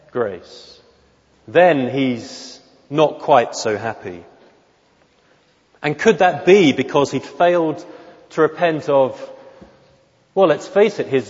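A man preaching an expository sermon in church, measured and emphatic, often asking rhetorical questions. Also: mid-range voice. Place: church during a worship service. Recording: dull lo-fi recording with long hall reverb.

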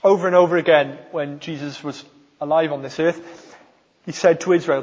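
Welsh preacher in an echoing church. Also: male voice, on the high side, fairly even intonation, normal speed. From South Wales. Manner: emphatic, rising to loud stresses on key phrases. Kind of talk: sermon. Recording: long hall reverb, dull sound.

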